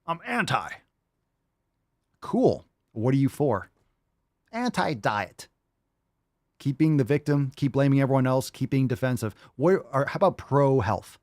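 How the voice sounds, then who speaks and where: A man's voice: mid-range voice, expressive, a little slow, darkish tone, no room sound, studio quality. A man hosting a podcast, reacting to clips with mocking, profane commentary and sneering mimicry. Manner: mocking, swears constantly, mimics in sneering voices. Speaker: podcast host reacting to videos.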